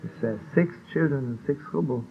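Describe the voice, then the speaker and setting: A man tells a folk tale, voicing each character in turn and breaking into laughter along the way. His voice sits in a middle pitch. The sound is thin and phone-like, with a faint hiss from an old archive tape. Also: brisk, gravelly. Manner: animated storyteller, acts out dialogue, laughs often. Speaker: rabbi telling a Hasidic story. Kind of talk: storytelling talk.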